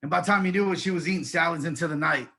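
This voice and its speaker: A middle-aged man doing a stand-up comedy set, telling stories with animated swings between loud and soft as he acts out conversations. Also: a little high, rapid-fire, creaky. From Texas.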